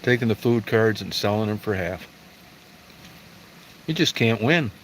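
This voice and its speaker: A man's voice: lowish voice, lively intonation, measured pace, a little hiss or hum, rough recording. A middle-aged man livestreaming, chatting with viewers in a blunt, profane, rambling way. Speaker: livestream host. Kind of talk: casual livestream chat answering viewers.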